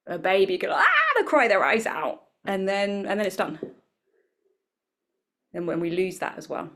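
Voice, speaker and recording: A wellbeing coach, a woman, is a guest in a conversational interview, speaking in a reflective yet animated way and acting out little quoted voices. Her voice is mid-range and her pace is normal.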